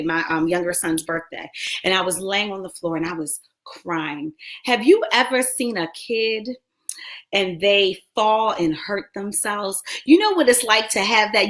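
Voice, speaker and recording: A woman's voice: medium pitch, a bit bright. A woman in her thirties, a radio show host, telling her own faith story in an earnest, heartfelt way and often checking in with "right?". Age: 30s. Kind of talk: personal faith testimony.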